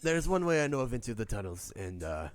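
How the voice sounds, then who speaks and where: Man game master, casual, hesitant delivery, pitch moves a lot. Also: big pitch swings, quick pace. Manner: casual, hesitant, many fillers. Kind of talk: narrating a tabletop game.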